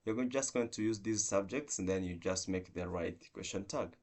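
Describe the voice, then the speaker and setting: A man with a fairly low voice teaches an online English grammar lesson. He works through example sentences one at a time and explains each rule patiently. His phrasing is a little non-native, and he sometimes stops to restart a word. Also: normal speed, darkish tone.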